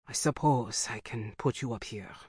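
A tired French functionary speaks with a thick French accent, clipped and suspicious, as a narrator puts him on. The sound is dry and close, and he drags his words out slowly. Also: medium pitch, no room sound, lightly acted. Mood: grudging. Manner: curt, weary, bureaucratic. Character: harried, grudging French male official. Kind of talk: audiobook character voice.

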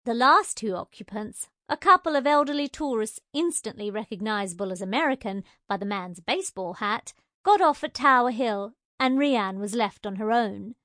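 A woman narrating a novel in a measured, wry storytelling manner. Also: fairly high pitch, lively intonation, fairly bright tone, no echo, clean studio sound. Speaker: audiobook narrator. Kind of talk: scripted narration.

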